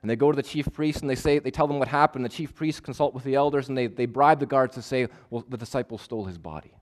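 A male preacher delivering a sermon, emphatic and measured, repeating key phrases for weight. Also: mid-range voice, steady tone. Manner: measured, stretches words for stress.

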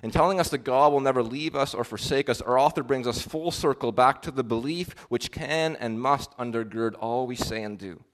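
A man preaching a sermon, earnest, rising to emphatic swells and dropping to soft, quiet endings. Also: mid-range voice, moderate pace, hardly any pauses.

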